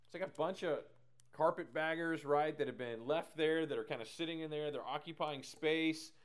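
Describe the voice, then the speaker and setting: Male Bible teacher, energetic and digressive, easygoing. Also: a little high, normal speed.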